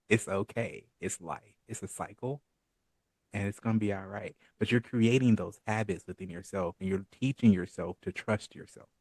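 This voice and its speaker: A man who is a guest on a podcast, speaking in a calm, encouraging coaching manner. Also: lowish voice, moderate pace, breathy edge, no room sound. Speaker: podcast guest, holistic and spiritual entrepreneur. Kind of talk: casual podcast interview.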